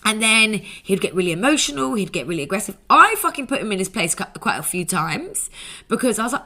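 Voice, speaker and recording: A woman's voice: medium pitch, very animated, a little fast, bright, forceful tone. A woman, a podcast co-host telling a long story in casual chat, swearing freely. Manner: chatty, swears freely, tells anecdotes with quoted voices.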